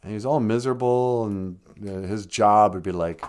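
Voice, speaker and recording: A man hosting a comedy live stream, telling a rambling, jokey story with lots of pitch swings. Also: moderate pace, hardly any pauses, a little mellow, clear, resonant tone. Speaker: comedian host.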